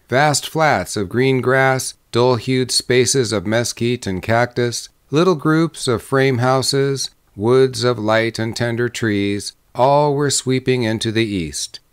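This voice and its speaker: A man reading a short story aloud as an audiobook narrator, with measured pacing that slows on descriptive lists. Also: medium pitch. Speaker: audiobook reader. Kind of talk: scripted narration.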